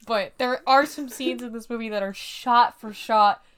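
Young female co-host, bright and wry, casual podcast delivery. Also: a little high, moderate pace, clear, resonant tone. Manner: wry, chatty, laughs often. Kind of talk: casual movie chat.

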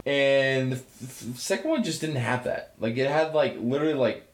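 A man co-hosting a podcast with a mid-pitched voice that swings widely. He makes slangy, sarcastic asides in casual movie chat. His voice carries a roomy echo. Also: expressive, fairly quick, hardly any pauses. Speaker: podcast co-host.

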